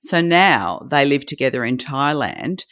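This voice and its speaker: A woman's voice: rumbling low, sing-song, unhurried, a bit bright. A middle-aged woman, the host's mother, telling stories in a dry, wry way. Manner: dry storytelling, wry asides. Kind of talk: casual chat.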